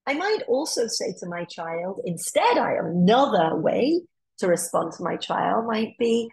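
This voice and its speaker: A woman child psychologist speaks to parents in a webinar, explaining her points over a computer mic and acting out little dialogues along the way. Her voice carries a gravelly fry and a husky, slightly rough edge. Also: mid-range voice, very animated, unhurried, a little mellow, rough recording. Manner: explanatory, with acted-out example dialogues. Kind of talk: lecture to parents.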